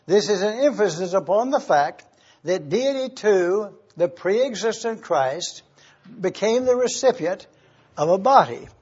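A man preaching a slow expository sermon, deliberately spelling out Greek words letter by letter. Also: high voice, lively intonation, darkish tone, husky. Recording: dull lo-fi church recording.

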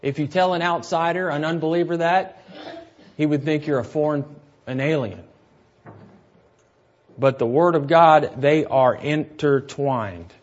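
Guy preaching a bible study sermon, really slow and deliberate, repeats himself a lot, kinda muffled lo-fi audio. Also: a little high. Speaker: pastor. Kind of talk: expository sermon.

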